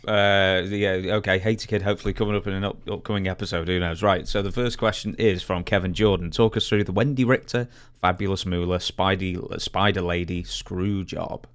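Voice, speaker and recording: A man hosting a podcast in casual chat, brisk and upbeat as he reads fan questions and prompts his co-host. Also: low-pitched, fairly even intonation, clear, resonant tone.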